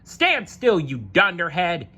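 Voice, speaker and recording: A man's voice: huge pitch swings, sharp tone, breathy edge, full character voice. A man doing a moody moose who flips between laughing and sobbing. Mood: angry. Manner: high, emotional, quick to wail or giggle.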